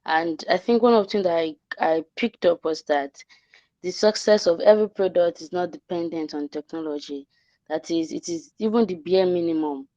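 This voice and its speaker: A woman sums up an online class in earnest tones, her voice on the low side. The call audio is dull and dry, with no room sound. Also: moderate pace, warm tone, no room sound. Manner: earnest, summarizing, hesitant restarts. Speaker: class coordinator. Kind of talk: thanking remarks in an online class.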